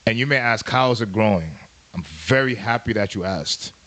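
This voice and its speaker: A man's voice: on the low side, expressive, normal speed, fairly bright tone. Brief: male podcast co-host, easygoing and jokey, loops catchphrases. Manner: playful, repeats catchphrases. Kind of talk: casual chat.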